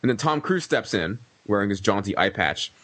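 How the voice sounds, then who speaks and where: A man talking fast in a casual discussion, pushing through long explanations with many restarts and repeated words. His voice sits in a middle range, recorded close and dry with no room sound. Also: fairly low pitch, expressive, a bit bright, no room sound. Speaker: podcast guest reviewing a film.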